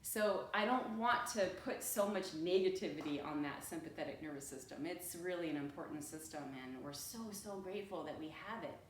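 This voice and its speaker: A woman yoga teacher talking casually to her class in a chatty, animated way, often laughing. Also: fairly low pitch, brisk, hardly any pauses, slight background noise. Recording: echoey room from far off.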